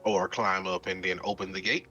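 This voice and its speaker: A man with a lowish, bright-edged voice chats casually as a player, thinking aloud with ums. His sound is dull and lo-fi, and faint music runs behind him. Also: flat delivery, moderate pace. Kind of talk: casual game chat.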